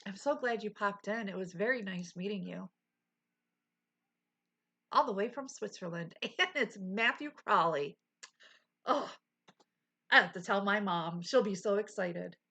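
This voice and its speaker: A woman's voice: mid-range voice, unhurried, long pauses, bright, forceful tone. A woman streamer chatting casually with her live chat, laughing often and full of exclamations, at a desk mic.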